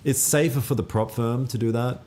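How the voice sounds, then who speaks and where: A man's voice: medium pitch, steady tone, moderate pace, dark tone. A man hosting a live trading stream, answering viewer comments in a laid-back, slangy, blunt way and swearing now and then. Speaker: trading livestream host.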